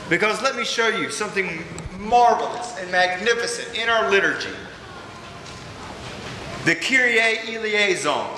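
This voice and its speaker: High-voiced pastor preaching in an echoey church. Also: male voice, sharp tone. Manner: earnest, emphatic preaching with repetitions. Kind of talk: sermon. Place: large church sanctuary. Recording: echoey church hall with background noise.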